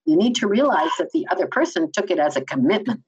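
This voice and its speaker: A woman's voice: fairly low pitch, fast, slightly rough. Enthusiastic Canadian woman explaining. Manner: enthusiastic, lively, teacherly. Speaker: communication trainer. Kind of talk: explaining in a conversational interview. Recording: slightly dull lo-fi sound.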